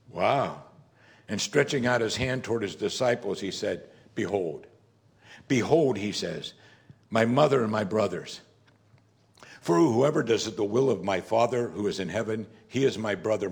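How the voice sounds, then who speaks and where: With a low-ish, creaky voice, a pastor gives his congregation an easygoing, conversational sermon. He repeatedly throws rhetorical questions at them and shifts into character when reading scripture.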